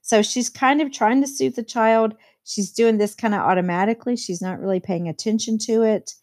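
A woman's voice: fairly high pitch, steady tone, normal speed, darkish tone. Woman teacher explaining a novel chapter. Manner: reads quotes aloud with plain commentary.

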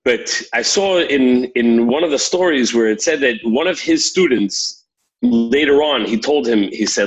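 A man with a husky voice calmly telling a story in a casual chat, using Hebrew terms. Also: medium pitch, a little slow, rough recording.

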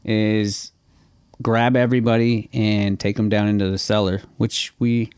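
Podcast co-host, man, casual rambling talk with laughs and swearing, smooth dry close sound. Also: on the low side, level tone, unhurried, darkish tone, no echo. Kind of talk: casual chat.

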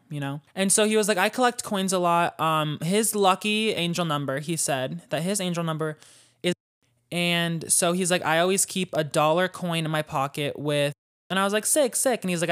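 A woman hosting a podcast, telling a personal story in a chatty, animated way, swearing freely and using lots of fillers. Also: lowish voice. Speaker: podcast host. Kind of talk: casual storytelling.

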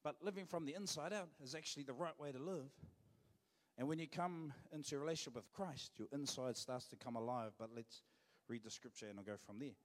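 A man's voice: medium pitch, a little fast, in a large hall. A man with a New Zealand accent, preaching a sermon as pastor in a joking, conversational way. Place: church.

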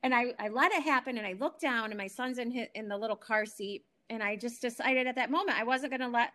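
A woman in her forties, a guest on a talk show, telling an emotional personal story at home in an animated way, full of restarts. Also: a little high, fast, hardly any pauses.

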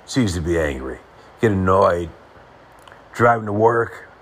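A man talking earnestly to the camera in short, halting phrases, reflecting on happiness. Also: deep voice, expressive.

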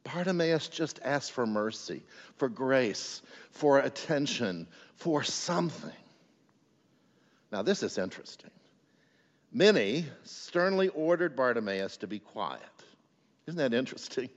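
A man preaching a sermon as pastor, swinging between loud emphatic calls and hushed, quiet lines. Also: medium pitch, animated, measured pace. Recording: dull sound with long hall reverb.

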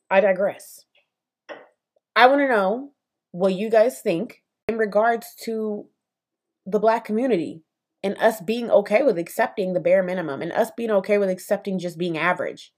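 A young adult woman hosts a solo opinion podcast in a mid-range, slightly mellow voice. She speaks passionately and emphatically but conversationally, with lots of fillers and asides.

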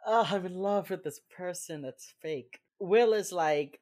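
Low-voiced chatty young woman. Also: moderate pace, hardly any pauses. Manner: chatty, lots of fillers, acts out quotes with laughs. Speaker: podcast co-host recapping a TV episode. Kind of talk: casual chat.

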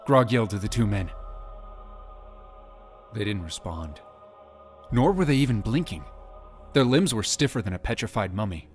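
Low-voiced man narrating an audiobook. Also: lively intonation, moderate pace, long pauses, soft background music. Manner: dramatic storytelling. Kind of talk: scripted narration.

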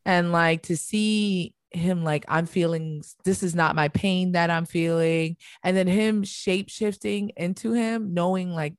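A woman in casual, expressive chat, using lots of fillers as she talks. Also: lowish voice, measured pace, few pauses, clean tone, dry recording.

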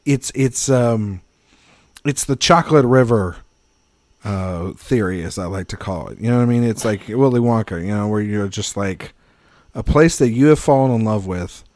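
A man co-hosting a casual film podcast, talking in animated, rambling tangents and swearing freely. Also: fairly low pitch, moderate pace, dry recording, clean studio sound. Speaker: podcast co-host. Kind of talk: casual film-discussion chat.

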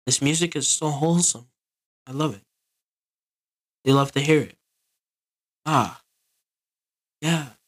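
A man's voice: fairly high pitch, takes it slowly, pauses often. A man giving casual, rambling gameplay commentary and talking to his viewers. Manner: rambling, easygoing, talks to viewers. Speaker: gaming video creator.

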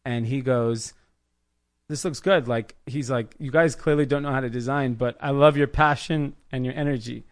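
A man in his thirties from the Los Angeles area, a podcast guest telling his business story in a casual, animated way, acting out the people he quotes. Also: medium pitch, moderate pace. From United States, Los Angeles area. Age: 30s. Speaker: podcast guest, clothing brand founder.

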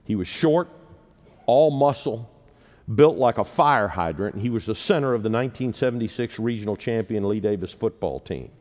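Delivering a sermon in a church sanctuary, a man in his sixties spins humorous personal stories, often at his own expense. His fairly low, darkish voice has lively intonation and a moderate pace, echoing with the long reverb of a large hall.

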